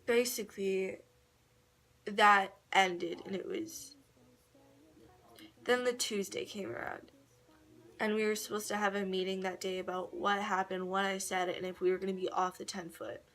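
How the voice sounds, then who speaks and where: A woman's voice: medium pitch, little pitch movement, moderate pace, pauses often, fairly bright tone. A woman vlogging at home, casually telling a personal story, full of slang, swearing and laughter.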